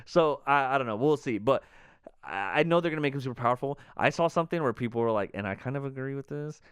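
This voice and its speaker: A young man co-hosting a podcast, talking casually and excitedly with lots of fillers and rambling. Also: mid-range voice, quick pace, clean tone, no room sound, clean studio sound. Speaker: podcast co-host. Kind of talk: casual chat.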